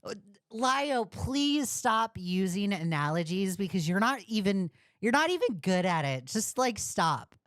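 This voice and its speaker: A woman's voice: medium pitch, big pitch swings, measured pace, a bit bright, no echo, studio quality. A woman streamer giving blunt, mocking commentary on a call during a livestream.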